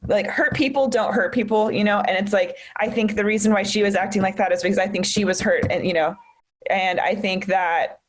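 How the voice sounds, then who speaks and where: A woman's voice: medium pitch, fairly even intonation, brisk. Young woman, podcast guest, mid-range voice, casual storytelling, filler-heavy. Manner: chatty, filler-heavy with frequent "like". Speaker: podcast guest, stand-up comedian.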